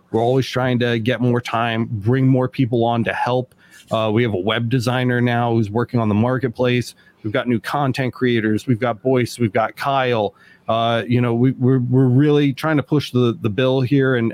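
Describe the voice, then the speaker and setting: A man's voice: medium pitch, darkish tone. A man hosting a casual podcast, rambling and joking with frequent restarts. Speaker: podcast host.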